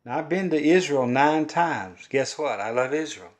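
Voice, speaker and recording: A man's voice: on the high side, expressive, moderate pace. An older man with a Southern drawl from Kentucky and Louisiana talks straight to camera. His storytelling is homespun and earnest, and he rambles from one thought to the next. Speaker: folk-art vlogger and collector. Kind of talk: rambling folksy monologue to camera.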